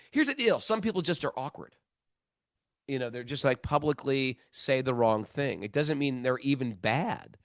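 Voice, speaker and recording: A middle-aged man hosting a spiritual podcast, telling a story in a lively casual way, acting out the other people's lines and laughing often. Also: medium pitch, no echo, studio quality. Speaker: podcast host.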